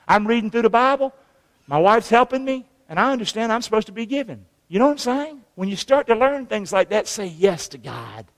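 A man's voice: high voice, big-room sound. A man, a pastor preaching a sermon with call-and-response to his congregation. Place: church sanctuary.

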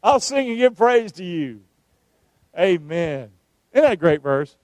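A male preacher, giving a sermon, calling on the congregation to answer and shouting verses out. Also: on the high side, lively intonation, unhurried, no room sound. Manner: calls for responses, shouts the verses out.

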